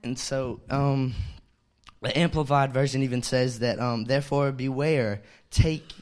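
A young man delivers a loose, conversational sermon. He strings thoughts together with fillers and restarts, then pushes louder when he lands a point. His voice sits at an ordinary middle pitch. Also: fairly even intonation, unhurried. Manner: loose and chatty, many fillers, swells louder on key points. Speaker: young preacher. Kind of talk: casual sermon.

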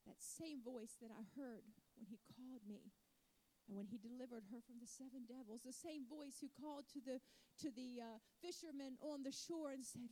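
A woman's voice: a little high, steady tone, normal speed, mellow. A middle-aged woman preacher delivering a storytelling sermon that builds to fervent exhortation.

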